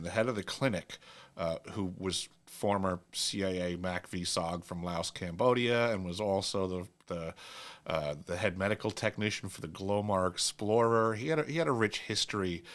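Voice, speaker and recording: Lowish voiced guy rambling thru a funny story, keeps laughing. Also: a bit bright. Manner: rambling, laughs at his own stories. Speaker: show host. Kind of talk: casual storytelling.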